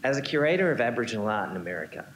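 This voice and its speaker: A man, a museum curator, giving a prepared symposium talk on stage, measured with occasional ums and restarts. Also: medium pitch, sing-song. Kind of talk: prepared lecture. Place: auditorium stage. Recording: echoey hall, faint hum.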